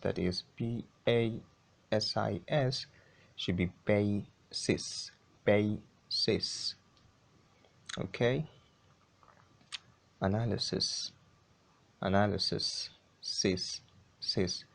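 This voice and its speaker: A man teaching English pronunciation, saying each word slowly and repeating it several times. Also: lowish voice, vocal fry. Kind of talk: pronunciation lesson.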